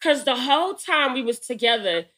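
A woman's voice: high voice, expressive, moderate pace, sharp tone. A woman hosting a podcast, chatting casually in a blunt, profane way and telling stories with laughter. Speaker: podcast host. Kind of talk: casual chat.

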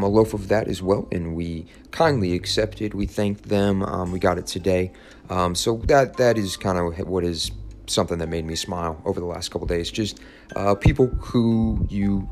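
A man who teaches, reading a chapter of a children's novel aloud with a steady storytelling delivery, then chatting casually and haltingly with restarts. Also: low voice. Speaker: teacher and podcast host.

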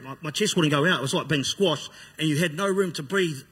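Husky New man, blunt testimony. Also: a little high, quick pace, few pauses, a bit bright. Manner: blunt and raw, acting out his own past words. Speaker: speaker giving a personal testimony. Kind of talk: personal testimony storytelling. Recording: long hall reverb.

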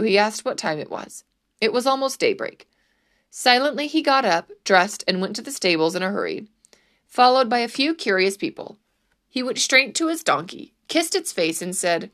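A woman narrating a storybook chapter in a measured, expressive reading. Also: mid-range voice.

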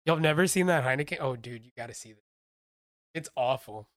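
A man's voice: mid-range voice, a little fast, no room sound, clean studio sound. A man hosting a podcast, rambling and joking casually with plenty of swearing and a Texan accent. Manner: rambling, profane, jokey. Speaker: podcast host. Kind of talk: casual chat.

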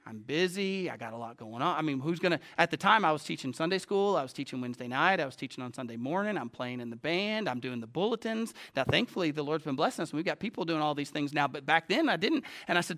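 Male pastor, storytelling sermon, high voice, bright tone, self-deprecating, in a church. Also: fast, few pauses. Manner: self-deprecating, conversational, animated. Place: church sanctuary.

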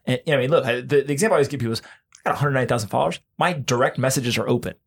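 A man's voice: mid-range voice, vocal fry, slightly rough. Emphatic man hosting a podcast chat. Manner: emphatic, keeps checking in with "right?"; fast bursts of talk with restarts. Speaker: podcast host. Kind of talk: casual conversation.

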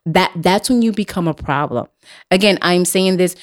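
A woman's voice: fairly low pitch, normal speed. A young adult woman hosting a podcast, talking bluntly and emphatically, repeating her points and swearing freely. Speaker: podcast host. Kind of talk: casual chat.

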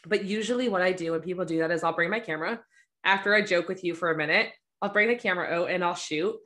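A woman's voice: lowish voice, fast talker, pushed and bright. A woman photographer chatting casually on a podcast about her business. She is blunt and playful, and she acts out conversations with her friends. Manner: blunt, self-described smart aleck, acts out quoted friends with laughter.

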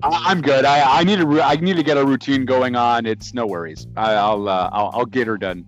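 A man's voice: mid-range voice, fairly quick, lo-fi sound, faint music behind. A Canadian man co-hosting a podcast, chatting casually and laughing at himself. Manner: animated, laughing, self-mocking. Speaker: podcast co-host.

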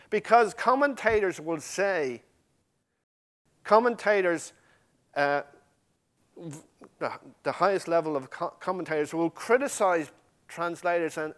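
A man with a high voice preaches passionately, moving between loud emphasis and hushed, almost whispered lines as he speaks directly to his congregation.

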